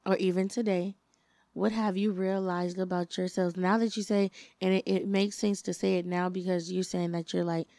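Blunt young woman, mellow low voice. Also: level tone, moderate pace, no room sound. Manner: blunt, brash, profane. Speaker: podcast co-host. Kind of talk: casual chat.

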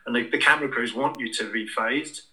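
A man with a very bright, sharp and forceful voice, recounting his experiences at length as an interview guest. He rambles along casually, circling back and restarting his sentences as the story unfolds. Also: mid-range voice, brisk, poor audio. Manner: rambling anecdotal, many restarts and fillers.

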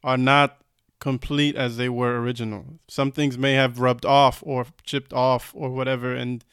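A man's voice: mid-range voice, level tone, normal speed, a bit bright, smooth, dry recording, clean studio sound. A man co-hosting a casual podcast, hedging and searching for his words as he talks. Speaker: podcast co-host. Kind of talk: casual chat.

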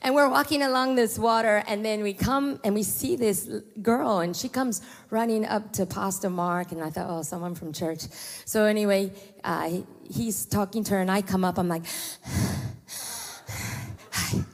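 A woman's voice: medium pitch, moderate pace. Woman preaching in a reverberant hall. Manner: animated preaching with storytelling asides. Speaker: pastor. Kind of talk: sermon. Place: church hall.

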